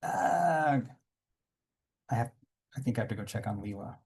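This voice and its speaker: Male comics artist reading his memoir to a panel audience, warm, a little breathy, unhurried asides. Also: fairly low pitch, level tone. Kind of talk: reading aloud from his own graphic memoir. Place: conference panel room.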